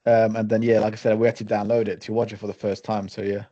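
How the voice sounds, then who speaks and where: A man's voice: fairly low pitch, little pitch movement, quick pace, mellow. A man co-hosting a casual podcast, blunt and full of fillers. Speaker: podcast co-host. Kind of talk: casual chat. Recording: dull lo-fi sound.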